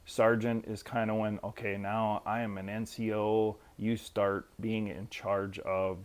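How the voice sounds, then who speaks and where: A man in his fifties, a military veteran, telling stories in a profane, animated way and acting out quotes. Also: fairly low pitch, a little slow, clear, resonant tone. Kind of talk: casual storytelling.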